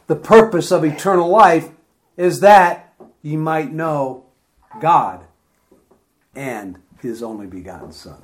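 A man leads a relaxed Bible study, reading verses and retelling them with eager, chatty enthusiasm and frequent laughs. He speaks slowly and unhurriedly, stretching his phrases out. His voice sits a little higher than most men's. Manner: enthusiastic, chatty, laughs often, slow and drawn out. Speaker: Bible teacher. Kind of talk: informal Bible study talk.

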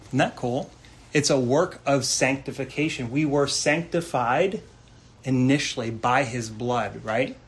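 A man preaching a sermon in an earnest, conversational way, asking rhetorical questions and reading scripture slowly. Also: medium pitch. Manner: reads scripture slowly and deliberately. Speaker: pastor. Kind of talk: expository sermon.

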